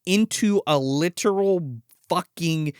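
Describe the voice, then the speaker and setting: A man co-hosting a casual movie review chat, excitedly retelling scenes with lots of swearing and quick put-on voices. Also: fairly high pitch, clean tone, no room sound, studio quality. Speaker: podcast co-host.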